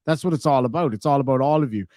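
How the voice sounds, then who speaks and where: A man's voice: mid-range voice, rapid-fire, a little mellow, dry recording, clean studio sound. A man with a Cork Irish accent chatting on a live stream, reading donations and reacting with sweary, joking banter.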